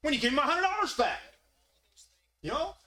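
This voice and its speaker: Man, Bible study teacher, folksy, high bright voice. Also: big pitch swings, fairly quick. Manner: folksy, asks the group questions.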